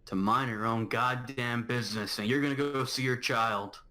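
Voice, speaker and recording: A man's voice: medium pitch, steady tone, normal speed, bright, forceful tone. A man playing a tabletop game, giving commands in a bossy, egging-on way. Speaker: player.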